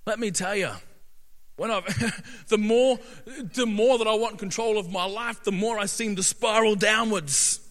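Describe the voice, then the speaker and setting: A man preaching a sermon as pastor, emphatic, asking "right?" again and again and building up to shouting. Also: high voice, a little slow. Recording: long reverb of a large hall.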